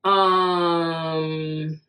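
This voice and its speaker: A woman's voice: low-pitched, level tone, very slow, pushed and bright. A woman in her thirties hosting a solo podcast, talking candidly and profanely in a casual monologue, often laughing as she tells stories. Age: 30s. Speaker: podcast host.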